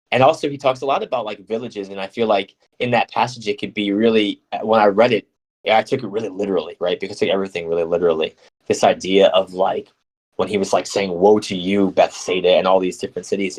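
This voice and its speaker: A man's voice: sits low, poor audio. A young man with a New Jersey accent hosting a live radio chat, talking in a playful, rambling, self-mocking way as he reads out listener comments. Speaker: live radio show host.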